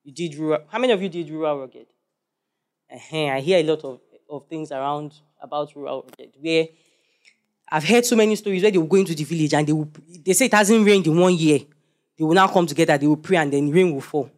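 A man's voice: a little high, a little fast. Man preaching with playful questions. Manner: animated, jokes and quizzes the congregation. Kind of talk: sermon.

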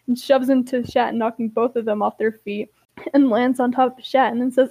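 A woman's voice: a little high, fairly quick, darkish tone, dry recording, muffled recording. A woman co-hosting a podcast, reading a roleplay aloud in a tired, amused way, laughing often. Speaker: podcast co-host.

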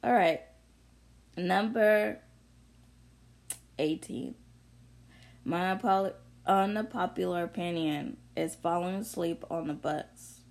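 A woman's voice: on the low side, slow, vocal fry, long pauses, darkish tone. A young woman vlogger ranting bluntly through an unscripted monologue, full of profanity and confrontation. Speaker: vlogger sharing opinions.

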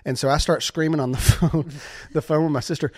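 A man casually telling a story from his youth, laughing often and acting out quoted voices in a high pitch. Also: fairly even intonation, fairly quick, no room sound, studio quality.

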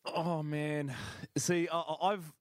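A man's voice: a little high, level tone, slow, dry recording, clean studio sound. A man co-hosting a casual comedy podcast, joking and laughing often, restarting his sentences. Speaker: podcast co-host.

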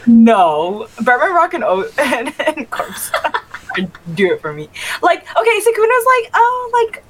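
A woman's voice: high voice, huge pitch swings, a little slow, low-quality recording. A woman co-hosting a podcast in casual chat, giggly and gushing, often quoting people in mock voices. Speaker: podcast co-host.

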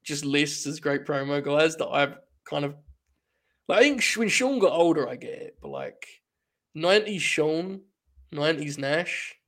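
A man hosting a podcast in casual chat, animated and swearing freely. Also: fairly high pitch, unhurried. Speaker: podcast host.

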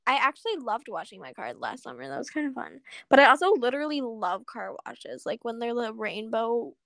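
A young woman with a high voice co-hosts a casual podcast chat, giggling through her sentences. The sound is close and dry, with no room around it. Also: big pitch swings, a little fast, gravelly, fairly bright tone, no room sound. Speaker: podcast co-host.

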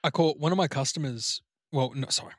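A man co-hosting a podcast, chatting casually and telling animated stories, burping after a big meal. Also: a little high, brisk, husky, no echo, studio quality. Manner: animated storyteller, swears casually. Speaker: podcast co-host. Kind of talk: casual chat.

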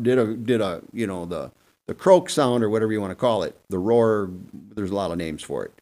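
A lower-pitched man tells stories in a lively, swooping voice that rises and drops as he acts out little scenes. His talk is casual and energetic, full of asides. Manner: animated, acts out deer and buddies in quick asides. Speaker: guest hunting expert. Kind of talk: casual storytelling on a podcast panel.

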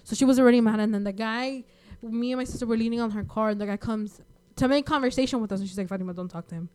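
A young woman telling a rambling, animated story in casual chat. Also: a little high, fast talker, clean tone. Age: young adult.

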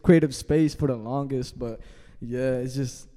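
A man's voice: mid-range voice, steady tone, a little slow, mellow. A young man from the Philippines, talking as a podcast guest in a loose, rambling way, full of "you know" and "like". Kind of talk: casual interview chat. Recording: long hall reverb.

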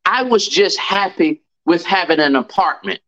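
A man's voice: high voice, normal speed, sharp tone, rough recording. Emphatic middle-aged man storyteller. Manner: emphatic, repeats key phrases for effect. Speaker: podcast guest. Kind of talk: personal storytelling.

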